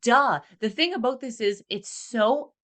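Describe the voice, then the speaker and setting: A woman's voice: a little high, measured pace, a bit bright. A woman co-hosting a podcast, emphatic and indignant in a casual movie review chat. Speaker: podcast co-host.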